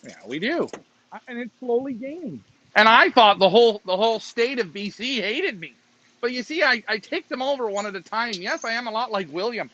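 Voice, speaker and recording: A man's voice: very high voice, animated, fairly quick, sharp tone. A man co-hosting a live stream, bantering and mocking himself in casual chat. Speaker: co-host of a live pigeon race stream. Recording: slightly dull lo-fi stream audio.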